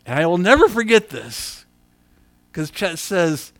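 A man preaching a sermon as a story, chatty and repetitive, breaking into loud acted shouts. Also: high-pitched, unhurried. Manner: animated storyteller who shouts quoted lines; conversational, repeats himself.

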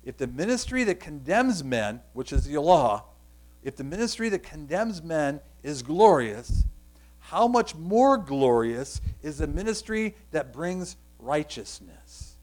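A man's voice: a little high, sing-song, a little slow, rough recording. A man preaching a sermon, leaning hard on key words and stretching them out. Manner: emphatic, stretches key words, drops to quiet prayer. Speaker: pastor.

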